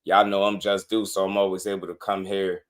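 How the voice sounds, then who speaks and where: A man hosting a casual boxing livestream, slangy and excitable, laughing often as he talks to his chat. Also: low-pitched, brisk.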